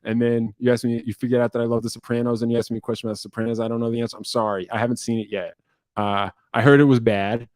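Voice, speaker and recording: A young man from New Jersey chats through viewer questions in a loose, rambling way. He swears freely and pokes fun at himself. His voice is mid-pitched, and it sounds dry and close with no room echo. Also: completely flat delivery, rapid-fire, few pauses, mellow. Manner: rambling, profane, self-deprecating. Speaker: musician answering viewer questions. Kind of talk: casual livestream Q&A.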